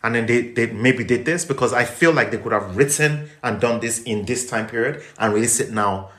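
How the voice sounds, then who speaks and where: A man's voice: medium pitch, fairly bright tone, roomy sound. A man co-hosting a podcast, chatting casually and candidly about music videos, swearing and laughing at himself. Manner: candid, swearing, self-mocking, quick to laugh. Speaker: podcast co-host.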